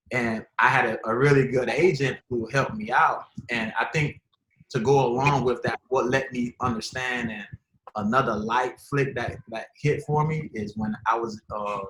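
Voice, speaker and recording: A former pro football player and college coach in casual, emphatic conversation with high school athletes. He speaks informally with slang and repeats himself as he tells stories and gives advice. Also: background noise. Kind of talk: casual motivational storytelling. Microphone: video call. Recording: echoey room over a video call.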